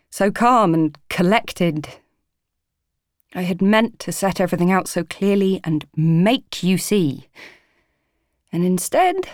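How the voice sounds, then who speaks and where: A woman's voice: lowish voice, darkish tone, dry recording, clean studio sound. A young woman narrating a first-person audiobook, earnest and pleading, emotionally raw.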